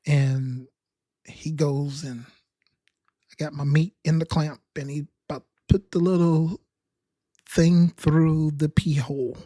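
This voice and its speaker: A man's voice: a little high, fairly even intonation, slow pace, pauses often, dark tone, dry recording, clean studio sound. A man telling a rambling, self-mocking comic story about his own experience. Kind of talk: humorous personal storytelling.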